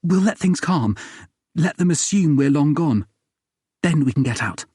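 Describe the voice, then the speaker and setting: A man doing a twitchy, hurried fugitive. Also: on the high side, lively intonation, a little mellow, husky, dry recording, clean studio sound, pitched above the performer's own voice. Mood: urgent. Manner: rapid, nervous talk.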